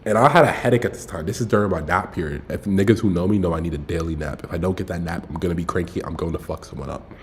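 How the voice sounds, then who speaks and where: A man's voice: deep voice, rapid-fire, hardly any pauses. A young man streaming, telling a story in a loose, slangy way with lots of swearing. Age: young adult. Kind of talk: casual storytelling livestream.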